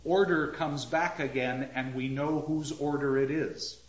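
A man giving a literature lecture, animated and theatrical, reading lines aloud with heavy emphasis. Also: mid-range voice, measured pace. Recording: echoey lecture hall, dull lo-fi sound.

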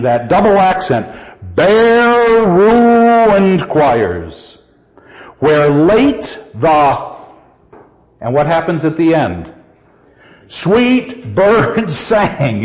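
An older man teaching a poetry class, reading verse aloud with slow, emphatic stress and putting questions to his students. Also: on the high side, a little mellow. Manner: asks the class questions and answers them. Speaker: literature teacher. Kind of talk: classroom lecture. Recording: dull, lo-fi sound with long hall reverb.

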